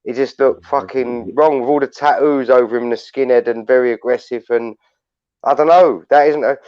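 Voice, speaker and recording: A man's voice: medium pitch, fairly even intonation, normal speed. A man hosting a live panel chat, rambling bluntly and swearing. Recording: dull lo-fi online audio.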